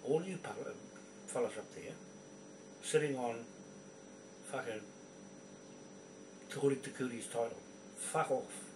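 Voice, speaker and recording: A man with a mid-range voice delivers a furious, profane rant to camera from his computer indoors, speaking slowly with long pauses. He swears constantly and is openly confrontational, and the recording is echoey and off-mic with faint background noise.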